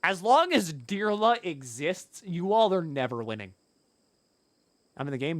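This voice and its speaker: A man's voice: a little high, very animated, a little slow, no echo. A man streaming a colony game live, chatting casually with his viewers, answering their questions and swearing freely. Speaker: gaming streamer.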